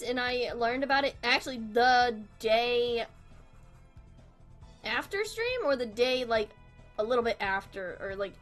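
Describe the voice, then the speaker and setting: A woman's voice: fairly high pitch, fairly bright tone. A young woman chatting casually on a live stream while drawing, swearing freely and laughing through her sentences. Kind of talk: casual livestream chat.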